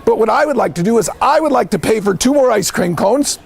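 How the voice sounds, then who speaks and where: A man's voice: sits high, brisk, vocal fry, slight background noise. Frog: a man doing a caring storybook frog. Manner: gasping and worried, then calm and kind. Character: caring, wise male frog.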